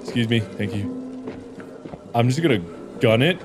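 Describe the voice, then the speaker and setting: A man commentating a horror game, excitable and jumpy, with loud reactions and swearing. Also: mid-range voice, normal speed. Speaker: gaming host. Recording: game music in background.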